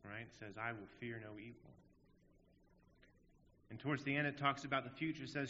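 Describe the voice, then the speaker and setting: A man's voice: mid-range voice, fairly quick, pauses often, pushed and bright, a little hiss or hum. A man preaching a sermon in an earnest, emphatic way, asking rhetorical questions. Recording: dull audio in a long-reverb hall.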